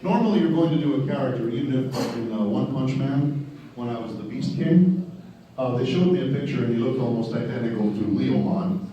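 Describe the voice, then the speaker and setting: A man talks candidly and wryly about his work as a voice actor to a panel audience. His voice is deep-toned and very dark. The sound bounces around a large echoey hall, and he stands well back from the mic. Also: lively intonation, fairly quick, far from the mic, highs cut off, a little hiss or hum. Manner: candid, chatty and wry. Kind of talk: panel Q&A storytelling.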